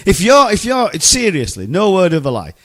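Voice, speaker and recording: A man on a podcast ranting hotly and swearing freely. His pitch jumps all over the place, and the voice sits dry and close with no room sound. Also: huge pitch swings, moderate pace, a bit bright, no echo. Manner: heated, profane ranting. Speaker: podcast co-host. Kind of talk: casual podcast chat. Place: Oshawa, Canada.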